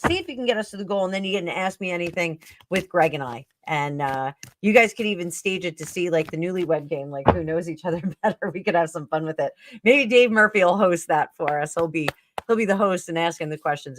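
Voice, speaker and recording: A woman's voice: on the low side, lively intonation, fairly quick, slight background noise. A middle-aged woman hosting a live tarot stream, chatting casually and rambling with fillers and self-corrections.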